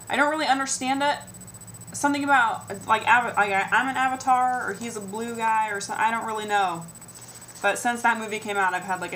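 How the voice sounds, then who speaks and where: A woman's voice: mid-range voice, a bit bright, a little hiss or hum, low-quality recording. A young adult woman vlogging a sarcastic comedic rant, mimicking the comments people make to her.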